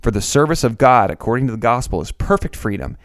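A man's voice: medium pitch, animated, quick pace, no room sound. Man, podcast host, essay monologue, stammering restarts, dry close sound. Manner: incredulous, stammering restarts when worked up.

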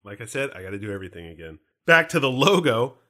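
A man's voice: mid-range voice, fast. A man hosting a fan podcast, chatting casually and teasing his co-host with jokes. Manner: joking, teasing, animated.

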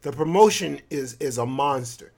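A man's voice: mid-range voice, animated, moderate pace, creaky, darkish tone. A man hosting a solo podcast, talking loosely and joking, often breaking into laughs. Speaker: podcast host. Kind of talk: casual solo podcast monologue.

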